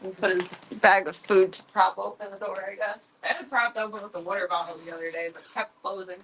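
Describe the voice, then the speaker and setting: A woman streaming from her home, chatting casually and cooing at her cats in a high voice. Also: fairly even intonation, fast talker, fairly bright tone, slight background noise. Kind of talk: casual livestream chat. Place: home with pets.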